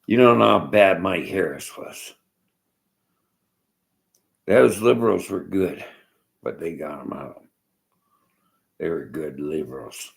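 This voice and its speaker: A man holds forth on politics in a very deep, gravelly voice. He rambles and jabs bluntly at whoever disagrees with him. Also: slow pace, pauses often, poor audio. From Canada. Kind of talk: political rant to viewers.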